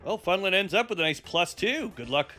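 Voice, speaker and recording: Brief: man hosting a live stream, bright and high, energetic announcer who swears freely. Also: brisk, soft background music. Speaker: host.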